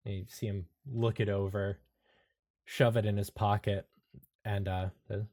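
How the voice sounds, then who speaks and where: A man narrating as game master of a tabletop role-playing game, describing scenes in a relaxed way with fillers. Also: lowish voice, measured pace.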